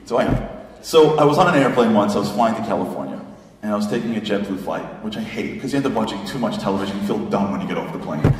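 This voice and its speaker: Animated male lecturer in an echoey hall. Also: lowish voice, rapid-fire, far from the mic, a little hiss or hum. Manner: emotional, self-mocking, lots of "like" fillers. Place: synagogue hall.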